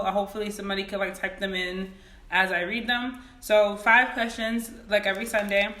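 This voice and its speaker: A woman leading a livestreamed Sunday school lesson on her phone, greeting viewers by name and reading each question slowly, then repeating it. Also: mid-range voice, a bit bright, reverberant. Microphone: phone camera.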